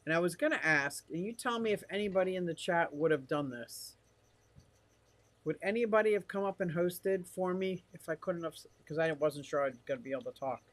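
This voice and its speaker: An older man talks casually on a live stream and drifts from one thought to the next. He reads chat comments aloud as he goes. His voice sits a little high, and the sound is dry and close with no room echo. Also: fairly quick, fairly bright tone. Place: indoor fish room.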